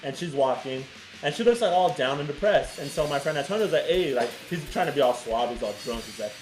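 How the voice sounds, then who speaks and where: A man's voice: a little high, a little fast, soft background music, rough recording. A man co-hosting a podcast, telling a story in casual chat and swearing freely. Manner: animated, swearing, laughing storyteller. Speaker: podcast co-host.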